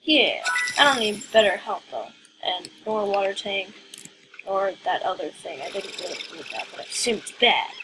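A woman's voice: mid-range voice, animated, normal speed, background noise. A woman giving casual let's-play commentary, rambling and questioning herself aloud as she plays. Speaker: gaming video creator.

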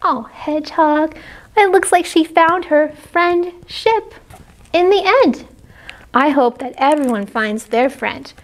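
A woman librarian reading a picture book aloud to children. Her high voice swoops widely with animated expression. She takes her time, drawing out each phrase slowly. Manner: animated, talks to kids between pages. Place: public library.

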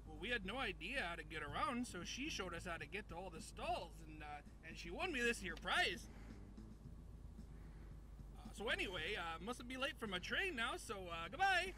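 A man's voice: high-pitched, very animated, normal speed, slight background noise. An actor playing a cheerful, polite male tourist with an exaggerated fake Canadian accent, ending his lines with "eh". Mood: chirpy. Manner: polite, chirpy, says "eh" constantly.

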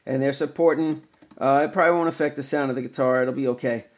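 A man's voice: medium pitch, steady tone, fast talker. A middle-aged man chatting casually as he walks through a home guitar repair, rambling with many fillers. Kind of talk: casual workshop vlog.

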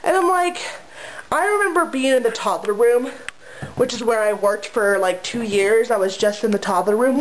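A woman's voice: a little high, normal speed, a little hiss or hum, rough recording. A young woman, a preschool teacher, chatting casually at home in a rambling way with lots of filler words. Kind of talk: casual chat. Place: home, indoors.

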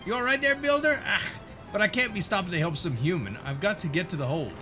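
A man's voice: high-pitched, expressive, brisk. A man playing a barking skeleton ship captain. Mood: urgent. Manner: barking orders, urgent. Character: commanding male skeleton ship captain, loud and urgent. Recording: game music behind.

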